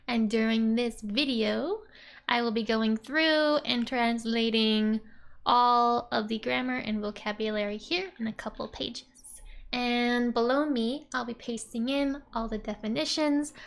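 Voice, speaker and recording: A young woman giving a casual, chatty language lesson. She says "like" often and laughs softly between points. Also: fairly high pitch. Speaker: Japanese language teacher.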